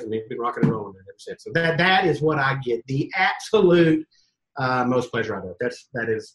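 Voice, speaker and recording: A man telling stories in a casual podcast interview as a guest coach, animated, acting out quotes and swearing casually. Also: mid-range voice, low-quality recording.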